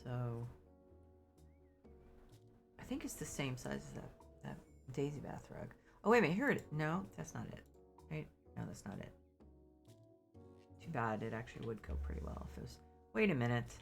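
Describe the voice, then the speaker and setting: A woman's voice: very deep voice, very animated, a little fast, creaky, long pauses, soft background music. A middle-aged woman who sounds congested and sniffly, chatting with her stream viewers in a rambling, apologetic way full of fillers. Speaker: game streamer. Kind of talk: casual chat with stream viewers while playing.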